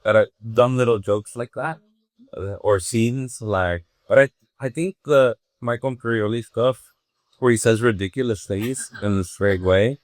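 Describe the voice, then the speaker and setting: A man's voice: mid-range voice, a little slow, dry recording. A man, a stand-up comedian, chatting casually and acting out scenes in a rambling, laid-back way. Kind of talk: casual interview chat.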